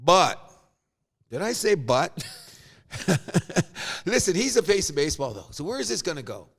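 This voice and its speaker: This is a man hosting a laid-back sports podcast who spins jokey stories as he talks. His voice sits high and leaps all over the place. There is a gravelly rasp under it. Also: normal speed. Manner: animated, jokey storyteller. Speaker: podcast host. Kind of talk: casual sports chat.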